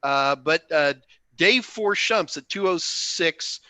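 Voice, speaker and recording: Bright-voiced chatty Texan man. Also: fairly high pitch, animated, slow, no echo. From Texas. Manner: joking, chatty, lots of fillers. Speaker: host. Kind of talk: live Q&A stream chat.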